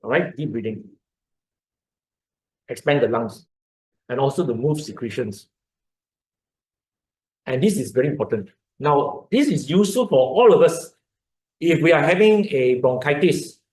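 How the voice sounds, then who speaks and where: A man with a fairly high, slightly mellow voice and a Malaysian English accent gives an informal health lecture in an echoey lecture hall. He explains things, repeats words, and demonstrates breathing.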